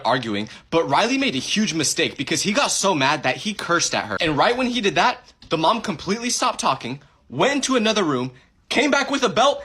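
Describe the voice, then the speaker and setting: A young man telling an awkward comic story about a friend's house in an animated way. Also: sits high, husky. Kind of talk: storytime comedy monologue.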